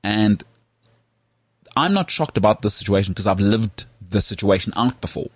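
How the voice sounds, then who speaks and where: A man from South Africa co-hosting a podcast in casual chat, animated and full of restarts. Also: fairly low pitch, normal speed, no echo. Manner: animated, full of restarts and "you know what I mean". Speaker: podcast co-host.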